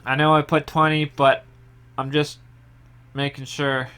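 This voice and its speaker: Relaxed man explaining a home baking recipe. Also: a little high, measured pace, smooth. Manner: relaxed step-by-step explaining, trailing off softly. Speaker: home baker. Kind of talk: casual cooking tutorial. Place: home kitchen.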